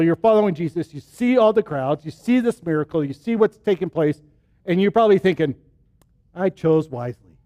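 A middle-aged male pastor giving a conversational sermon, checking in with the congregation and retelling scenes with quick acted-out quotes. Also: high-pitched, a little mellow, no echo.

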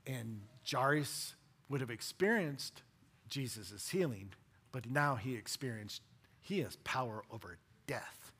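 Bright-voiced pastor preaching a sermon. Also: male voice, medium pitch, measured pace, breathy edge. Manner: animated, dramatic, shifting between loud and hushed.

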